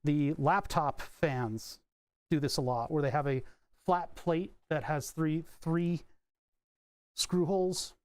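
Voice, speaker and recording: A man's voice: fairly high pitch, slow pace, no room sound. Wry, rambling man at a workbench. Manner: rambling, wry, swears casually. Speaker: electronics hobbyist streamer. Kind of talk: casual live-stream chat while tinkering. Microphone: desk microphone.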